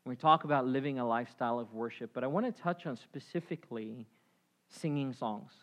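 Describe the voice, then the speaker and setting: A man preaching a sermon as pastor, swinging between loud emphatic calls and quiet asides. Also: medium pitch, a little fast.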